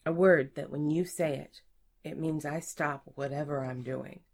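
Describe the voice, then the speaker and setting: A woman voicing a stern, teasing female office supervisor in an erotic audiobook reading, speaking in a sly, commanding way that often drops to a hush. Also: low-pitched, steady tone, unhurried, vocal fry, exaggerated voice.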